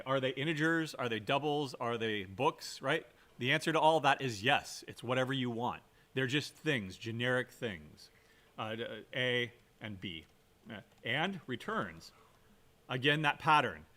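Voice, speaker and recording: This male computer science lecturer has a medium-pitched voice that sounds pushed and bright. Giving a recorded programming lecture, he talks conversationally, checks in often with "right?", and leans hard on important words amid fillers and restarts.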